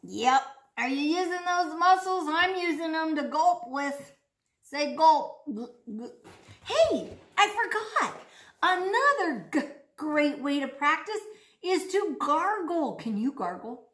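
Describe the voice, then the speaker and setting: Woman speech therapist, high voice, bouncy and exaggerated, talks slow for little kids, echoey room at home. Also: very animated, a bit bright. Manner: playful, exaggerated, sing-song teacher voice. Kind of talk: speech practice lesson for children.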